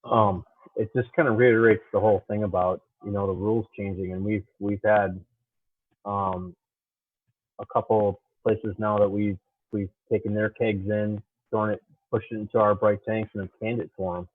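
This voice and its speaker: A man's voice: fairly low pitch, little pitch movement, normal speed, no echo. A man from a brewery talking earnestly in a casual chat, telling a story, heard over a tinny call line.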